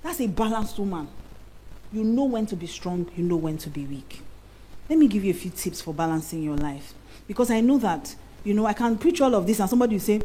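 A woman with a Nigerian accent preaching a sermon, playful and animated, dropping into pidgin asides. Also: mid-range voice, brisk, slight background noise, poor audio.

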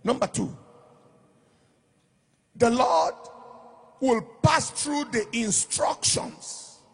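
A man preaching a sermon emphatically, shouting and lilting on key phrases. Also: very high-pitched, extremely slow, vocal fry, husky. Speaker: pastor.

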